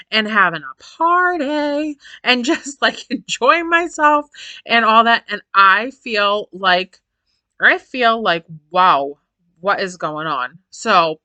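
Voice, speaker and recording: A woman's voice: on the high side, pushed and bright, no room sound. A woman in her forties chatting casually to camera as a vlogger, repeating phrases for emphasis and laughing often. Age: 40s.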